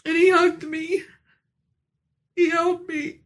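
Bright, high-voiced woman giving testimony. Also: flat delivery. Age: 40s. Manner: earnest, halting, with many restarts and fillers. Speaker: speaker sharing a personal testimony. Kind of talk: emotional religious testimony.

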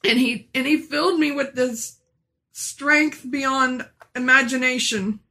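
A woman in her forties tells a heartfelt religious testimony with a high, bright voice. She speaks earnestly and haltingly, circling back and restarting her sentences as she goes. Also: fairly even intonation. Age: 40s. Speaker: speaker sharing a personal testimony.

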